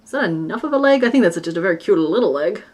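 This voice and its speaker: A woman's voice: fairly low pitch, lively intonation, very fast. A woman streaming live as she crochets, talking casually and rambling between counts and restarts. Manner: chatty and rambling, with restarts and stitch counting half under her breath. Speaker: crochet streamer and pattern designer.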